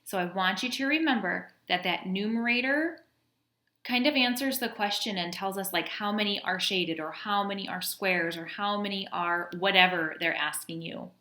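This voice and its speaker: Bright-voiced woman teaching fractions. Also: mid-range voice. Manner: patient, counts aloud slowly, addresses students. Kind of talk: classroom math lesson video. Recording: echoey room.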